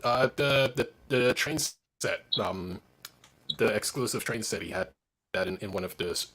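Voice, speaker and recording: A man on a livestream panel, talking haltingly and restarting his sentences. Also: on the low side, a bit bright. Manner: halting, full of ums and restarts. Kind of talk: casual group chat.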